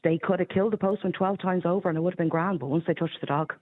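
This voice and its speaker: An Irish woman giving blunt, opinionated views in casual radio chat, quick to laugh. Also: fairly low pitch, fairly even intonation, phone-quality sound. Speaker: radio panelist.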